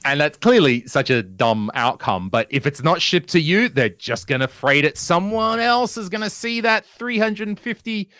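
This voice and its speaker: A man's voice: fairly high pitch, big pitch swings, normal speed, hardly any pauses, sharp tone, no echo, clean studio sound. A man co-hosting a podcast in casual chat, thinking aloud and playing devil's advocate. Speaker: podcast co-host.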